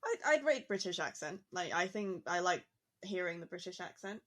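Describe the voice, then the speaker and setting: Chatty woman in a relaxed podcast talk. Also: on the low side, moderate pace. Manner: chatty, musing, frequent "like" fillers. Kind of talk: casual podcast conversation.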